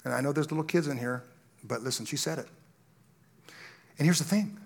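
Gravelly-voiced man preaching with rising passion. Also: a little high, brisk, pauses often. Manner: storytelling, rises to loud impassioned preaching. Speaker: pastor. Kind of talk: sermon.

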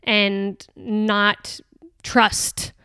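A woman's voice: mid-range voice, level tone, very slow, bright, forceful tone, clean tone, no room sound, studio quality. A woman hosting a podcast, talking casually and earnestly about a book, hesitant, with many restarts and fillers. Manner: earnest and chatty. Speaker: podcast host. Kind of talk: casual reflective talk on a book.

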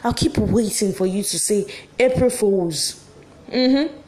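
A woman's voice: medium pitch, slow, dark tone, close to an everyday voice. A woman playing a manic heartbroken wife. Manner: swings between giddy laughter and bitter sarcasm. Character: heartbroken wife refusing a divorce, manic, laughing through tears. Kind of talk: dramatic monologue. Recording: echoey room.

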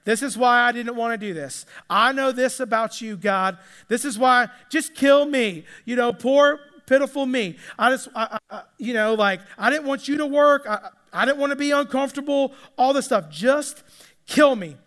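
A man's voice: extremely high pitch, moderate pace, fairly bright tone. A pastor acting out a stubborn, self-pitying male prophet, whiny and sarcastic. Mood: sulky. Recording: echoey hall with long reverb.

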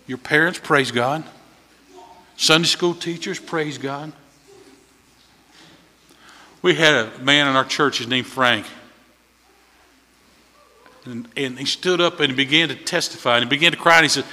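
A man preaching a sermon in a folksy storytelling way, voice swelling louder at key points. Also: on the high side, moderate pace, pauses often. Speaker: visiting preacher. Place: church sanctuary. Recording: long hall reverb.

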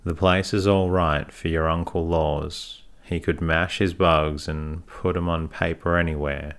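A man's voice: low-pitched, flat delivery, a little slow, fairly bright tone. A man reading as a stern scolding old woman. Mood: withering. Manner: withering, sniffing, plain-spoken rural speech. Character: stern older woman scolding a girl in folksy dialect. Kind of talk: audiobook reading.

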